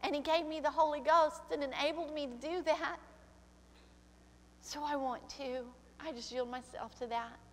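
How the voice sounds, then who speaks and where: A woman's voice: high-pitched, fairly even intonation, moderate pace, long reverb tail, a little hiss or hum. An older woman pastor preaching a sermon, emotional and tearful, slipping into prayer. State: crying. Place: church sanctuary.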